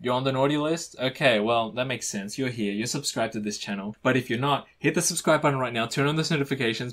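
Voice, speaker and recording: A young man hosting a reaction channel, chatting casually to camera and teasing his viewers in a mock-dramatic way. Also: medium pitch. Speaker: YouTube reaction channel host.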